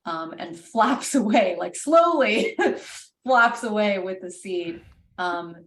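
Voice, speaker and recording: A woman's voice: mid-range voice, expressive, takes it slowly, a bit bright. A woman game master casually narrating a tabletop game, full of fillers, recorded roomy and from a distance.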